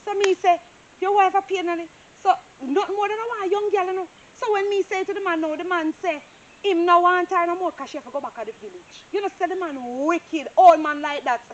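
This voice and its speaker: A woman's voice: very high voice, a little fast, muffled recording, slight background noise. A woman playing a nosy, gossipy Jamaican surveyor. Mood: gossiping. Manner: gossipy, animated Patois storytelling. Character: nosy, chatty young female property surveyor. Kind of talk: Jamaican stage-style movie acting.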